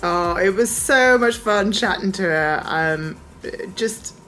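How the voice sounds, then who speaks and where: A woman from Scotland co-hosting a podcast in casual chat, talkative and quick to laugh, picking apart words. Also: mid-range voice, lively intonation, fairly bright tone, faint music behind. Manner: chatty, laughs often, picks at words. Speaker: podcast co-host.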